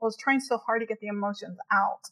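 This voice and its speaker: A woman's voice: fairly high pitch, steady tone, fast talker, a bit bright. A woman in casual conversation, chatty and laughing often, with many fillers as she talks. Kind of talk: casual chat.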